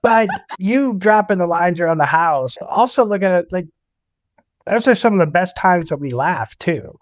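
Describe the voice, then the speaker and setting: A man's voice: sits high, animated, normal speed, no echo, studio quality. A man from Michigan co-hosting a podcast, easygoing in casual chat and laughing along. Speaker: podcast co-host.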